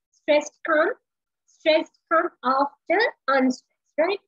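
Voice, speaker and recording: A woman teaching literature in an online video-call lecture, talking slowly with many fillers and restarts. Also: high voice, fairly bright tone, no echo. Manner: slow, hesitant with many fillers. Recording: dull lo-fi video call audio.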